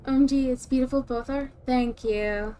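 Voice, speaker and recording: A woman from the southern United States chatting on her gaming stream in a soft, calm put-on voice. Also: high voice, normal speed, a little hiss or hum. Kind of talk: casual gaming stream chat.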